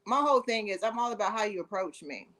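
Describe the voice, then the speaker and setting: A woman's voice: mid-range voice, expressive, fast talker, crowd noise. A woman co-hosting a casual live-stream chat, blunt and straight-talking in slangy speech. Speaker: co-host.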